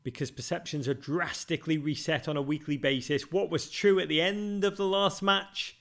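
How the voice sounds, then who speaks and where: A man's voice: a little high, fairly even intonation, moderate pace, gravelly, fairly bright tone. A man hosting a football podcast, answering listener questions with dry, self-mocking humour and theatrical flourishes. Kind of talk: wry, theatrical monologue.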